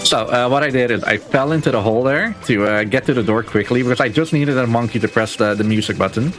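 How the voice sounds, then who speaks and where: A man speedrunning a game on a live stream, explaining his moves in a relaxed, casual way with plenty of filler words. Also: mid-range voice, fast talker. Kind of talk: casual live gameplay commentary. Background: game music.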